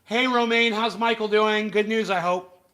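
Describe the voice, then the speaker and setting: A man's voice: high-pitched, steady tone, normal speed. A man hosting a livestream, ranting angrily and cursing at the clips he watches. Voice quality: profane, angry, shouting insults. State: has facial palsy flare-up. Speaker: livestream host. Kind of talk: ranting live commentary.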